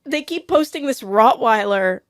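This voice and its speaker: Giggly, fairly high-voiced woman. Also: animated, measured pace, a crowd in the background. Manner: giggly, playful, quotes and hums bits of songs. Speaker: podcast co-host. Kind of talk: casual chat.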